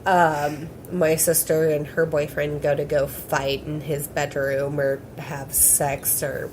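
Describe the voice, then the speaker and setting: Slow-talking, giggly young woman. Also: deep voice, flat delivery, background noise. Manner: giggly, swearing, rambling. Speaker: podcast host. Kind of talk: casual storytelling chat.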